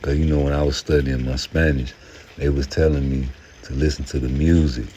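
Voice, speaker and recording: A man's voice: extremely low pitch, level tone, brisk, mellow, highs cut off, a little hiss or hum. A man ranting casually and profanely about boxing, rambling as he goes. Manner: profane, rambling, slips into mocking put-on voices. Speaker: boxing commentator. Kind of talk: casual rant to camera.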